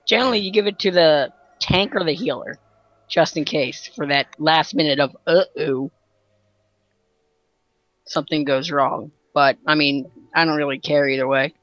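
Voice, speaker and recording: A man's voice: fairly high pitch, moderate pace, a bit bright, no room sound, dull audio. An easygoing man chatting casually at a tabletop game, often laughing along. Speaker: tabletop player.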